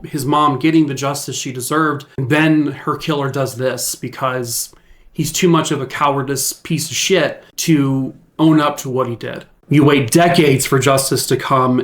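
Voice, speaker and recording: A man's voice: medium pitch, a bit bright. A man telling a true crime story in casual talk, blunt and emphatic, with lots of fillers. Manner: blunt and emphatic, with jokey sign-off; talks with many fillers and restarts.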